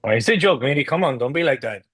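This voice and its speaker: A father who jokes with his family but stays cautious, played by a man. He speaks in a plain, mid-pitched voice with a reassuring tone. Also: lively intonation, fast talker, fairly bright tone, slightly rough.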